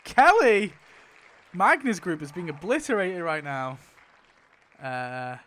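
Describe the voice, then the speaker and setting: A young man commenting casually as he spins a wheel, excitable, laughing often and swearing. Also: on the high side, a little slow. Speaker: YouTuber spinning a wheel. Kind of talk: casual commentary while playing.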